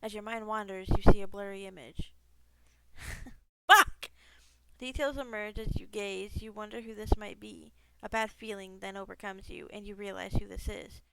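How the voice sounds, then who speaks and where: A woman's voice: mid-range voice, level tone, brisk, vocal fry, few pauses, slight background noise, rough recording. A woman gaming streamer reading a text game aloud, breaking off into casual asides, swearing freely and laughing at herself.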